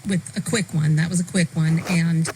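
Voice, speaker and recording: A woman's voice: lowish voice, steady tone, darkish tone, slight background noise, low-quality recording. A woman hosting a radio show, chatting enthusiastically with a studio guest. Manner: enthusiastic, chatty, a bit halting. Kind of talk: casual radio interview.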